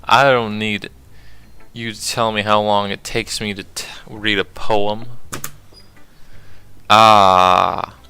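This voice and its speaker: A man's voice: fairly low pitch, flat delivery, a little slow, sharp tone, clean tone. A man playing through a game and commentating, jokey and rambling, arguing back at the characters. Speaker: gaming channel host. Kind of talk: let's play commentary.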